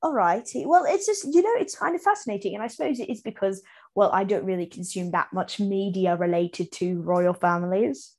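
A woman's voice: medium pitch, brisk, a little mellow. A young woman co-hosting a podcast in casual, rambling, self-mocking chat. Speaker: podcast co-host.

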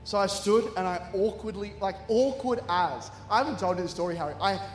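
A man's voice: high-pitched, a little fast, slight background noise. A man with an Australian accent preaching a sermon, telling funny self-mocking stories with bursts of laughter. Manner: humorous, animated, self-mocking storytelling with laughter. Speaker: guest preacher. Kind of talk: storytelling sermon. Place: large church hall with congregation. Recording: echoey hall, faint ambience.

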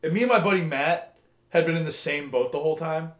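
A man's voice: fairly high pitch, fast. A man co-hosting a casual podcast, telling a heated, profane story about an argument with friends. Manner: heated, swearing rant storytelling. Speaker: podcast co-host. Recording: roomy echo.

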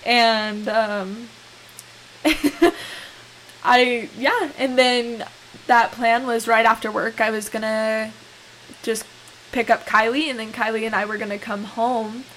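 Young female co-host, bubbly storyteller, higher register, light tape hiss. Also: takes it slowly, low-quality recording. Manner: giggly, animated storyteller. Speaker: podcast co-host. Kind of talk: casual storytelling chat. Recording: faint hiss.

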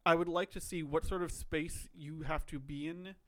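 A man's voice: fairly high pitch, steady tone, moderate pace. A man co-hosting a podcast, musing through ideas in casual chat with lots of "like". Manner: thoughtful, musing, many "like" fillers. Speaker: podcast co-host.

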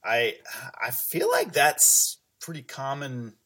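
A man from East Texas, a podcast guest at home, talking in a relaxed, rambling, casual way. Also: mid-range voice, takes it slowly. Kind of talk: casual chat.

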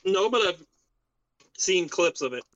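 A man co-hosting a casual podcast, easygoing and quick to laugh, talking while he eats dinner. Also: high voice, lively intonation, a bit bright, dry recording, muffled recording. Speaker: podcast co-host. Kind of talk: casual chat.

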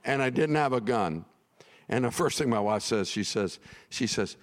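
A middle-aged male pastor telling a comic story in a sermon, animated and prone to sudden shouts. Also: medium pitch, normal speed, in a large hall.

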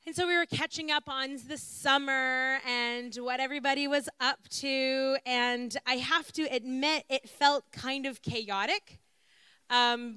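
A woman delivers a reflective talk in an earnest, unhurried way, stacking up repeated phrases as she builds her point. Her voice is high and smooth, and it is recorded close with a dry sound. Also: pushed and bright, dry recording. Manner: earnest, repetitive, building rhetorical lists. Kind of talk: reflective sermon-style talk.

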